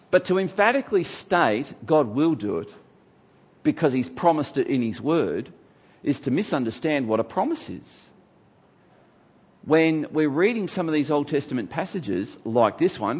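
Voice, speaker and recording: Emphatic male Bible teacher, higher voice. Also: animated, moderate pace, slightly rough. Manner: conversational, emphatic, acts out quoted speakers. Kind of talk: sermon-style Bible teaching.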